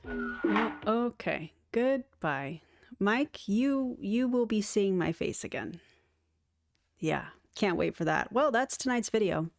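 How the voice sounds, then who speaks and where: A woman's voice: mid-range voice, expressive, slow, gravelly, dry recording, clean studio sound, soft background music. A woman hosting a livestream, reacting with sarcasm, laughter and chatty asides. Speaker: YouTube commentary host.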